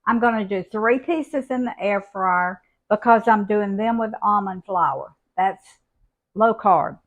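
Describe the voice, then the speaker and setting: Slow-talking older woman cook. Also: medium pitch. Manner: folksy, unhurried, homey talk. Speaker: cooking channel host. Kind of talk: home cooking demonstration.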